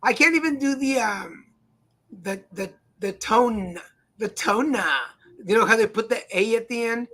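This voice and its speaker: A middle-aged man co-hosting a casual talk stream, chatty and halting with fillers and restarts. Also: very high-pitched, sharp tone. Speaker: co-host. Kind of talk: casual chat. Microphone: home streaming setup.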